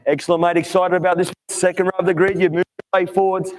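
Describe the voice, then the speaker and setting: A man's voice: sits high, level tone, fast. A man interviewing young drivers on the grid at a night kart race, upbeat and chummy. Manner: upbeat, chummy, calls everyone mate. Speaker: grid announcer.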